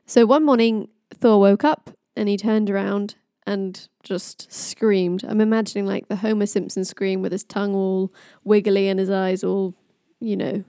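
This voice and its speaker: Casting: young woman podcaster, casual myth retelling, mellow voice, dry close sound. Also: mid-range voice, fairly even intonation, unhurried, hardly any pauses, no echo. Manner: chatty, jokey asides, laughs. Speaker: podcast storyteller.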